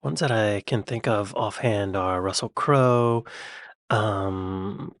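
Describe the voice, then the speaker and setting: A man's voice: fairly low pitch, slow, no echo. A man hosting a reaction video, musing aloud in a chatty, playful way. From American. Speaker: reaction channel host. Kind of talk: casual reaction commentary.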